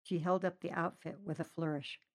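A woman reading a short story aloud, narrating lively and voicing the characters' lines herself. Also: moderate pace. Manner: lively, voices characters with raised pitch. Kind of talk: storybook narration with acted dialogue.

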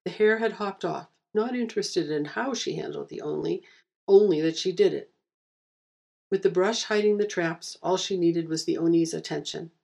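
Low gravelly woman narrating a story. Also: moderate pace, mellow. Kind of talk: reading a fantasy story aloud.

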